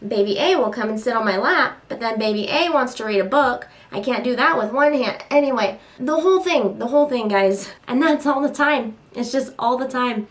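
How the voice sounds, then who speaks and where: A young woman vlogging as a mom, chatting casually and venting with exasperation, popping into high squeals when she acts out voices. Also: expressive, normal speed, hardly any pauses.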